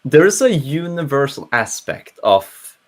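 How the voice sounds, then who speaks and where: A man with a Norwegian accent chats on an online panel, his voice moving all over the place in pitch. He talks in an animated way, chuckling and restarting his sentences as he goes. It sounds like an easy conversation among panelists. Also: unhurried. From Norway. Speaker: panel guest. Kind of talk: casual panel chat.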